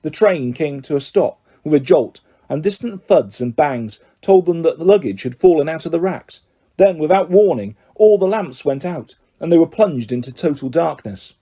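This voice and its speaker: A man reading an audiobook aloud in a steady, measured storytelling manner. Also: a little high. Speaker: audiobook reader. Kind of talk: audiobook narration.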